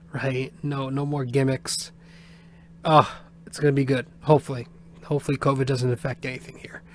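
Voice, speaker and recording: A young man hosting a casual solo sports podcast, rambling and cursing with lots of fillers and little chuckles. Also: a little high. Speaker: podcast host.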